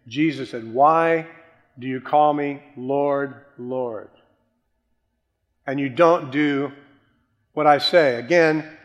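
A male preacher delivers an emphatic sermon at an ordinary middle pitch. He hits some words hard and lets others sink low and soft. His voice rings with the long reverb of a large hall. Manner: emphatic, swinging between loud stresses and quiet drops.

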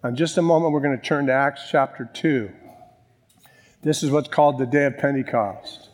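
A man preaching a sermon as pastor, emphatic, with slow, drawn-out stresses on key words. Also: mid-range voice, in a large hall.

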